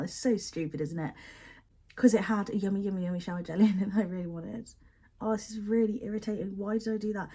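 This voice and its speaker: Husky-voiced woman unboxing products. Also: mid-range voice, brisk. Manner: chatty, expressive, self-deprecating, sniffs and describes products. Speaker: beauty product unboxing vlogger. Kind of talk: casual unboxing chat.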